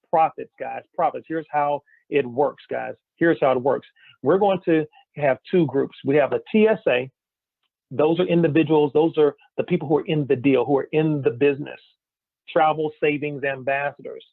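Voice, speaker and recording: A gravelly-voiced man presents a business opportunity in an upbeat, energetic sales pitch, throwing out rhetorical questions and repeatedly saying "guys." The recording is dry and tinny, like a phone, with no echo.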